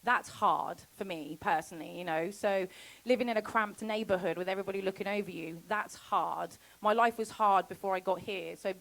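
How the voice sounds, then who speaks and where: A woman giving a casual festival talk about homesteading, chatty and quick to laugh, acting out quoted conversations. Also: medium pitch, creaky, a bit bright, low-quality recording. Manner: chatty, laughs often, acts out quoted exchanges. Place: festival talk before an audience.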